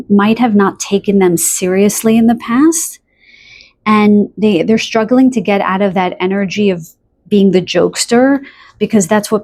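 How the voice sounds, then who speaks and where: A woman giving a channeled pick-a-card tarot reading in a chatty, spontaneous way, often pausing to search for words. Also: medium pitch, darkish tone. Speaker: tarot reader.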